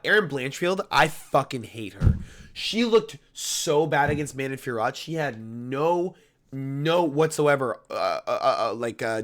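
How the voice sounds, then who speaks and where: A man giving casual MMA fight predictions in a brash, rambling, emphatic way. He swears heavily, and his voice is getting hoarse. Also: mid-range voice, fairly bright tone.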